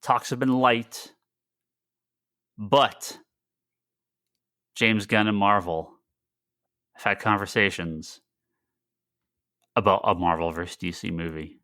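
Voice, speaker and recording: Low, forceful-voiced man rambling on a podcast. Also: takes it slowly, pauses often, no room sound, clean studio sound. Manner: rambling, restarts sentences, excitable. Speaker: podcast co-host. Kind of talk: casual chat.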